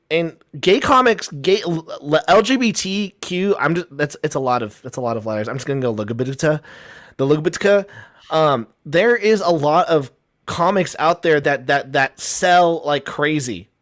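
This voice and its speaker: A man with a slightly raised voice argues his point in a loose, rambling way. He stumbles through restarts and repeats himself, then presses on, animated and insistent. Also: fairly high pitch, a little slow. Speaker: guest. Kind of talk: heated casual debate.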